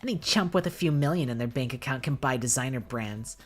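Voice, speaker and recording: A woman's voice: a bass voice, animated, brisk, faint music behind. A woman voicing a snobbish rich teenage girl with a haughty valley girl drawl, reading game dialogue.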